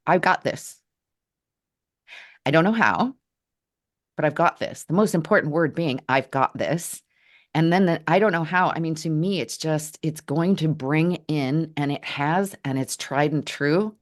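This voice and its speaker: A woman telling a personal story in an earnest, halting way, restarting her sentences as she reflects. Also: sits low. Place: Portland area, Oregon.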